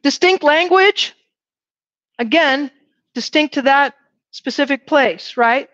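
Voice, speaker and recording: This university lecturer takes things slowly, her voice sitting high as she livelily questions her students and checks in with "right?". The classroom audio is dry and dull.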